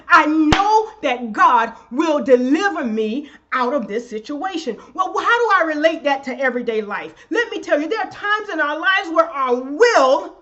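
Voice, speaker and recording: A woman pastor preaching a sermon, excitable and rising to shouts. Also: high voice, a little slow, highs cut off.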